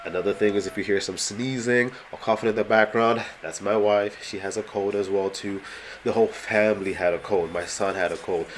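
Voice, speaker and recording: A man's voice: fairly low pitch, steady tone, brisk, slight background noise. A man from Canada with a cold and a congested voice, giving rambling casual voice-over commentary full of fillers. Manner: rambling, many fillers like "you know". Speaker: bodybuilder vlogger.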